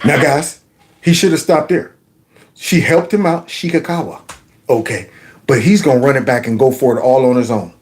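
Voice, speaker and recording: A man's voice: mid-range voice, normal speed, darkish tone. A man reacting to video clips, laughing, teasing and mocking what he watches. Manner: laughing, teasing, does mock voices.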